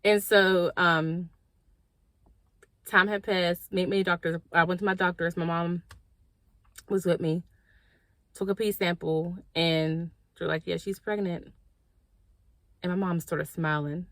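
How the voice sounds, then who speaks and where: A woman with a lowish voice tells a personal story for her vlog, casual and slangy, talking straight to her viewers. She acts out what everyone said, and her voice jumps high when she gets worked up. The sound is dry and close, with no room echo. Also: measured pace, pauses often. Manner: animated storytelling, acting out quoted dialogue; slangy, direct, addresses viewers as y'all. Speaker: vlogger.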